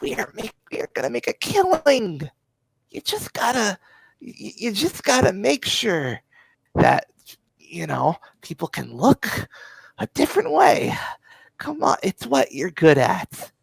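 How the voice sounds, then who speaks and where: A man playing a gravelly, high-voiced sleazy schemer, wheedling, pushy, in a tabletop game. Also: wildly swooping pitch, no echo, heavily acted, rough recording. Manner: wheedling and fast-talking. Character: sleazy hyper male schemer, pushy and grinning.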